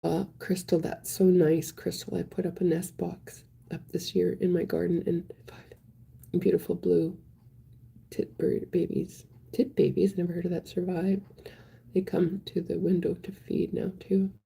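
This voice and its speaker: Woman, live-stream chat, husky breathy voice, gravelly fry, soft-spoken, slips into whispers. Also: on the low side, flat delivery, a little slow. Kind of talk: casual live-stream chat reading viewer comments.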